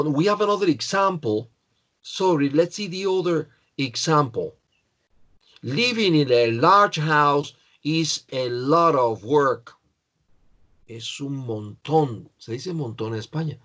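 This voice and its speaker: Slow, patient man teaching grammar. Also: on the high side, a bit bright. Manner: slow, patient explaining with repetition. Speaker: English teacher.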